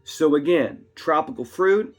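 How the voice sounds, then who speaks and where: A man's voice: on the high side, animated, measured pace. A man giving a rambling, chatty whiskey tasting review at home, full of asides. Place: his home. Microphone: camera on a tripod. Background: faint classical music.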